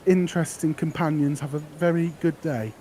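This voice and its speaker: A man's voice: on the high side, steady tone, moderate pace, dark tone, slight background noise, voice pushed up, natural voice. Bubbly flower girl, voiced by a man. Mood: eager sweet. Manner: eager, flustered, stammering. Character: cheerful young woman selling flowers.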